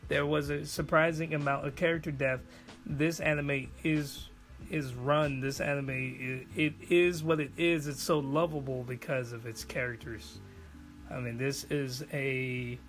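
A man's voice: on the high side, a bit bright. A man giving a casual spoken review of an anime in a rambling, enthusiastic way.

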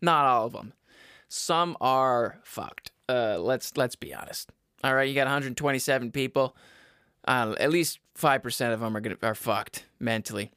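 A man's voice: mid-range voice, moderate pace, sharp tone, clean tone, dry recording, clean studio sound. A young man hosting a casual solo podcast, rambling and profane, drifting into side notes and laughing at himself. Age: young adult. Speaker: podcast host.

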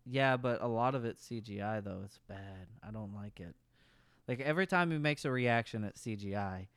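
A man's voice: lowish voice, moderate pace, a bit bright, clear, resonant tone, no echo. Young male podcast co-host, resonant clean voice, dry close sound, loose profane rants about films. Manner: profane, rambling, enthusiastic. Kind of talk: casual movie review chat.

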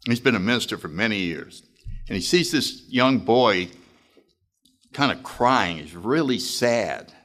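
A man speaking at a recovery meeting, telling stories in an animated way and acting out voices. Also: lowish voice, unhurried. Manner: animated, acts out voices, laughs often. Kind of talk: recovery talk storytelling.

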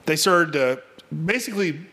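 A man's voice: on the high side, expressive, normal speed, pushed and bright. A man co-hosting a casual podcast, talking bluntly with slang like "dude". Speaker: podcast co-host.

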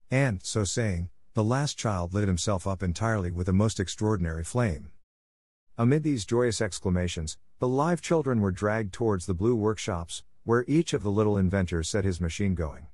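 A man reading a classic children's story aloud as narrator, in a measured, even storytelling manner. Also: lowish voice, no echo, clean studio sound. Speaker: audiobook narrator. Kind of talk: storybook reading for English listening practice.

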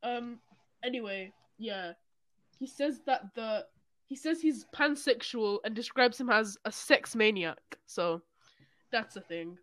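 A young man co-hosting a casual podcast, excitable and profane as he reads out odd news stories. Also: high-pitched, unhurried. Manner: excitable, swearing, laughs while reading news. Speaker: podcast co-host.

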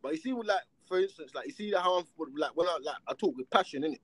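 Animated man with slang. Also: a little high, fast talker, no echo. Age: adult with children. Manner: animated, rhetorical, heavy street slang. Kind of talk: casual chat.

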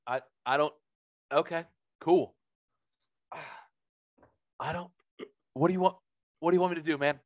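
A man's voice: on the high side, unhurried, pauses often, no echo, highs cut off. A man telling a story in a casual podcast chat, profane and heated.

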